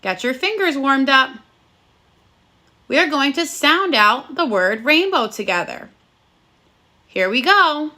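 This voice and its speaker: A first grade teacher runs a phonics lesson for young children in a high, bright, sing-song voice. She speaks slowly and clearly, sounding out each word one at a time, and stays encouraging the whole way through.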